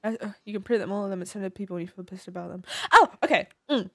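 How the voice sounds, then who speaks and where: A woman's voice: medium pitch, animated, racing, dry recording, clean studio sound. A woman livestreaming a game, chatting casually with viewers, joking, swearing a lot and laughing often in a playfully dramatic way. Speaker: game streamer. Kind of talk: casual livestream chat while gaming.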